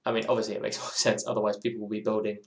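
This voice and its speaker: A man's voice: lowish voice, monotone, rapid-fire, reverberant. A man streaming a game, chatting casually in a rambling, musing way that keeps circling back on itself. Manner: rambling, musing, self-interrupting. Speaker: gaming streamer. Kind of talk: casual live-stream chat while playing.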